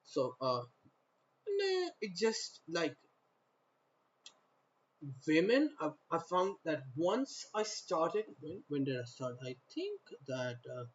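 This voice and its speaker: A man from North India talks to the camera in a rambling, stop-start monologue, circling back over the same phrases. His voice sits a little higher than most men's. The recording is dull and lo-fi. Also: wildly swooping pitch, takes it slowly, pauses often. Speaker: vlogger.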